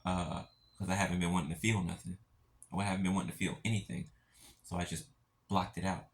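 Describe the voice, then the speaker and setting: A soft-spoken man with a somewhat low voice talks straight to his listeners in a heartfelt spiritual encouragement talk. He speaks in halting, gentle phrases and keeps checking in with a quiet "right?" as he reassures them. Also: little pitch movement. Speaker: spiritual speaker addressing viewers.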